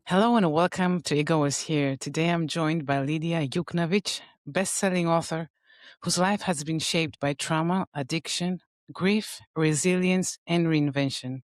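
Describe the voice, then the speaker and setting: A woman's voice: low voice, moderate pace, no room sound, clean studio sound. A woman hosting a podcast interview, speaking eagerly and openly with emotion. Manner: warm-hearted, emotional, eager. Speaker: podcast host.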